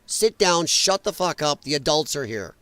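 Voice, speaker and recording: A man's voice: fairly high pitch, sing-song, normal speed, fairly bright tone, dry recording. A man hosting a live stream, commenting on protest footage in a blunt, mocking and profane way, rambling with frequent restarts. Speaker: livestream commentator.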